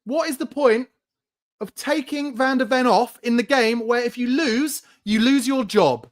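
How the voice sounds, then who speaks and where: At a measured pace and an extremely high pitch, a man hosts a live watchalong for fans. He narrates the match and fumes about his team, cursing and breaking into shouts.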